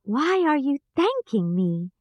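A woman's voice: sits high, very animated, takes it slowly, dry recording, dull audio, pitched above the performer's own voice, exaggerated voice. A woman voicing a curious young girl who asks innocent questions. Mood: wondering.

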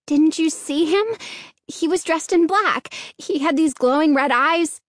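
A woman's voice: high voice, a little slow, no room sound, studio quality, voice pushed up. A woman voicing a frightened young girl who speaks breathlessly and tentatively.

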